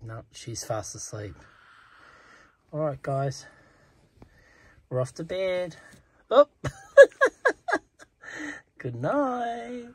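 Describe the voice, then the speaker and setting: A man's voice: mid-range voice, expressive, slow, pauses often, a little mellow, slightly rough. Chatty Australian man vlogging from a campervan. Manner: chatty, laughs often, talks to his dog. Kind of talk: casual vlog chat. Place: camper van and campground.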